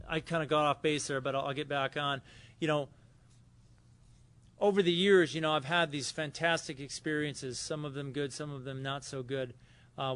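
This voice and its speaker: Man, recovery meeting speaker, casual storyteller, fillers, somewhat high voice. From Southern California. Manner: casual, storytelling with acted quotes and frequent fillers. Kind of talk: personal story talk at a convention. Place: hotel conference room.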